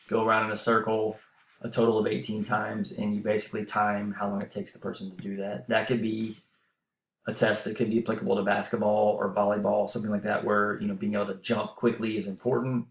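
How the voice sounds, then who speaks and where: In a recorded lecture voice-over, a man with a lowish voice and little pitch movement teaches a university class at a brisk pace. He's casual and explanatory, using fillers and restarting sentences while running out of breath, recorded via a voice-over mic in an echoey room.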